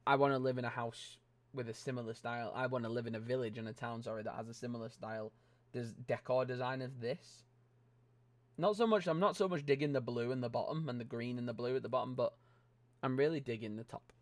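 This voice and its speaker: On his LEGO vlog, a young man from Britain with a British accent complains bluntly about how much sets cost, cursing casually. Recorded on a close desk microphone with no room sound, his mid-range voice stays steady at a quick pace.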